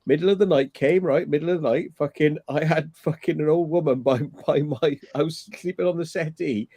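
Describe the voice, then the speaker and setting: A man's voice: fairly high pitch, a little fast, dark tone, no echo. A man hosting a casual late-night livestream chat, telling rambling, profane stories with frequent laughs. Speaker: livestream host.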